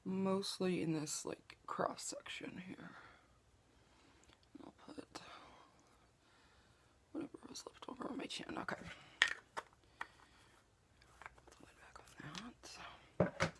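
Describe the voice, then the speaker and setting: A woman's voice: medium pitch, very animated, slow, long pauses, slightly rough. A woman chatting through a makeup tutorial, joking at her own expense and slipping into whispers as she applies products. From Southeast Oklahoma, US. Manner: chatty and self-joking, drops to a whisper while applying products. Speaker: beauty vlogger. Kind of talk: casual makeup tutorial chat. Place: home makeup table with window open.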